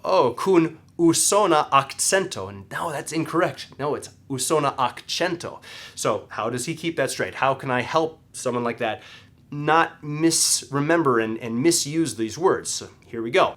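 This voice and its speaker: A young man explains words in a relaxed lesson, leaning hard on the syllables he wants heard. His pitch jumps around a lot as he teaches, and he speaks at a middling pitch for a man. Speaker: language teacher.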